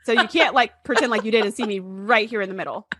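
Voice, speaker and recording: A woman's voice: medium pitch, quick pace, slightly rough, no echo, studio quality. A young woman co-hosting a casual chat, talkative and full of "like" asides. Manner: chatty, frequent "like" fillers, lively asides. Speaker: podcast co-host.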